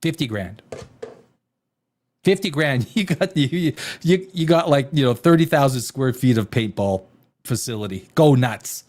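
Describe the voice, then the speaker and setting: Lively, exasperated male reviewer. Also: medium pitch, a little slow. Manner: rambling and exasperated, with sarcastic asides. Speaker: TV show reviewer, host. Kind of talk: casual live-stream review.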